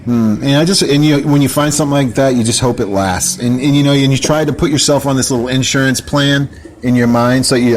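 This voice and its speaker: A man's voice: medium pitch, fairly even intonation, fairly quick, slight background noise. A man hosting a live internet radio show, chatting casually, laughing often and swearing freely. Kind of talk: casual chat.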